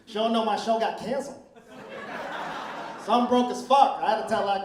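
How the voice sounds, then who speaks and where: Middle-aged male stand-up, crude and chatty crowd worker, high voice, roomy live club sound. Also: fairly quick, a little mellow, far from the mic, slight background noise. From Philippines heritage. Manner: brash, crude, conversational crowd work. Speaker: stand-up comedian. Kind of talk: stand-up comedy set. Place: comedy club stage, live audience.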